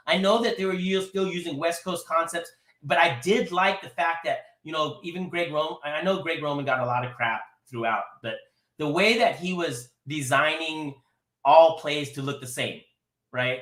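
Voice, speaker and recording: Bright, high-voiced caller in an echoey room. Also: male voice, moderate pace. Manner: rambling, animated, laughs while talking. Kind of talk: casual sports talk.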